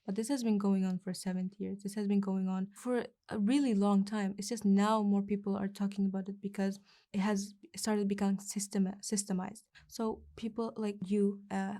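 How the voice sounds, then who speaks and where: A young woman answering interview questions, retelling a religious story in an earnest, halting way with frequent restarts. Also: medium pitch, warm tone. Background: music.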